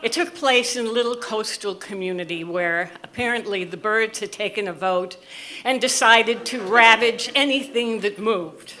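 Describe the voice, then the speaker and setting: A woman in her sixties from the US Midwest, telling a comic personal story with animated delivery and careful enunciation. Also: medium pitch, a little hiss or hum. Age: 60s. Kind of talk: live storytelling.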